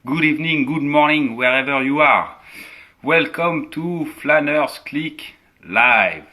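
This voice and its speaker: A man's voice: on the high side, pushed and bright. French-accented man hosting a video call. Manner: halting, repeats words, switches to French. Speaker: host. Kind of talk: live online interview.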